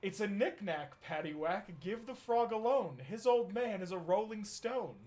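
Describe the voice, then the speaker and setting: A man's voice: high voice, expressive, normal speed, darkish tone, pitched above the performer's own voice. A man voicing a puzzled male bank manager in a joke told on a game stream.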